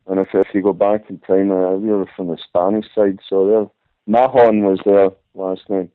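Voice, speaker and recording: A man's voice: low voice, little pitch movement, normal speed, no room sound. A man calling in to a radio show, chatting casually and opening his turns with fillers such as "listen". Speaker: caller. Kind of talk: casual phone-in chat. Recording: tinny dry phone line.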